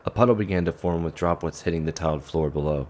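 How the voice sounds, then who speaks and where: A man narrating a drama in a measured storytelling manner. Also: deep voice, a little mellow, a little hiss or hum. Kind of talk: scripted narration.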